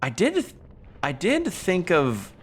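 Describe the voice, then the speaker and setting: A man's voice: high-pitched, huge pitch swings, slow, a little hiss or hum. A man streaming a game, chatting casually and rambling while he improvises comedy bits aloud. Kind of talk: casual gameplay chat. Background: faint game music.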